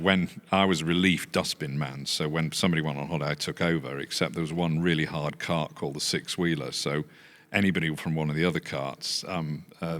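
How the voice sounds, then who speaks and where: An Englishman with a very deep yet slightly bright voice and a posh accent, not the usual Yorkshire sound, appears as a podcast guest who founded a business. He tells casual anecdotes, laughing and swearing often as he goes.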